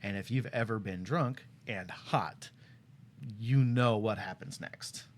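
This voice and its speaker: A young man casually telling a story to a friend, animated and laughing often as he acts out what people said. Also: fairly low pitch, slow. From Tucson, Arizona.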